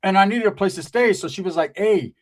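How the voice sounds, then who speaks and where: A man's voice: high voice, fast talker. Slangy man telling a story. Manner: slangy, profane, acts out quoted voices. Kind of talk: casual storytelling.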